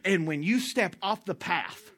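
A man preaching with a high, sharp, bright voice. He talks to the congregation in a loose, storytelling way, tossing out questions for them to answer back. His sermon feels like friendly conversation. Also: lively intonation, a little slow. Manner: call-and-response with the congregation; conversational, storytelling, with asides to the audience. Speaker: pastor.

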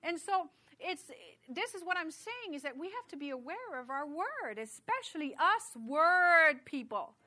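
Bright-voiced woman preaching. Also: very high-pitched, big pitch swings, a little slow, hardly any pauses. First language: French. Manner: conversational, chatty preaching with asides and laughs. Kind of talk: sermon.

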